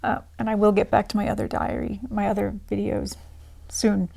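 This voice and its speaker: A woman's voice: medium pitch, level tone, moderate pace, gravelly, mellow. A woman hosting a diary-reading channel, chatting casually to her viewers in a rambling way. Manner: chatty, rambling with fillers and laughs. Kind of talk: casual chat to camera.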